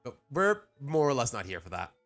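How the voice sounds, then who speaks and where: A brisk, sing-song, mid-range voice, a bit bright, comes from a man from Mexico with soft music behind. He ranks cartoon episodes on a live stream, casually rambling and opinionated, often stopping mid-sentence.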